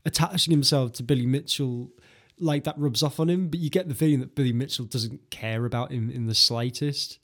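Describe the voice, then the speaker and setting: A man's voice: medium pitch, fairly quick. A man co-hosting a casual chat, agreeable and chiming in often. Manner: chatty, agreeable, chimes in often. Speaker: podcast co-host.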